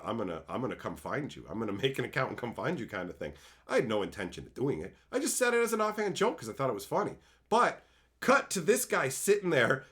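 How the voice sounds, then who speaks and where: A man's voice: medium pitch, fairly bright tone. A man telling a crude college prank story on a casual stream, swearing often and laughing at his own jokes. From Canada. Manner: profane, jokey, laughing storyteller.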